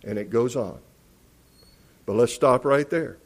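A man's voice: medium pitch, unhurried, slightly rough. A man preaching a sermon, emphatic and teacherly, asking questions and answering them. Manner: emphatic, rising loud on key words.

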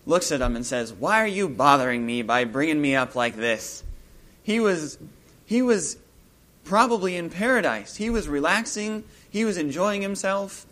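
A man with a somewhat raised pitch gives an informal Bible talk. He muses aloud between points and grows animated when he retells the story's scenes.

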